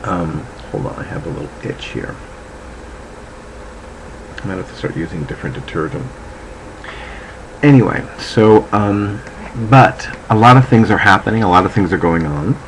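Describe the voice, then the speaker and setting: A man with a lowish voice talks to his camera at home in a loose, rambling way, swearing freely as he goes. A faint hum of room noise sits behind him. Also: rough recording. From New Jersey. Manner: chatty, meandering, swears freely. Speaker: vlogger, psychic. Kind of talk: casual rambling chat to camera. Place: at home, indoors.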